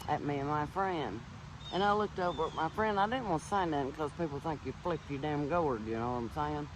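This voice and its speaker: A man's voice: fairly high pitch, a bit bright, a little hiss or hum, low-quality recording. A man earnestly telling viewers a personal ghost story and insisting it is true. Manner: earnest, insistent, swears to be truthful.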